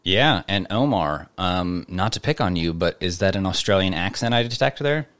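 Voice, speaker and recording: A man's voice: low-pitched, animated, moderate pace, a bit bright, no room sound. A chatty, upbeat man hosting a live crypto AMA. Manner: chatty, upbeat, lots of fillers. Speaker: host.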